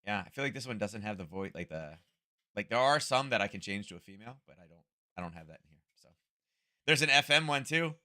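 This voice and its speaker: Male stream host, slightly hoarse, casual rambling delivery, close-miked at home. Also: lowish voice, animated, quick pace, bright, forceful tone. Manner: rambling, thinking aloud, chuckling asides. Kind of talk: casual livestream chat. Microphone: close-up desk microphone.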